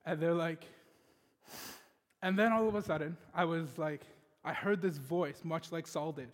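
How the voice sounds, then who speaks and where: A man preaching a sermon, telling a personal story with animated, acted-out dialogue before turning to scripture. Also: on the high side, a little slow. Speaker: pastor. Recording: long hall reverb.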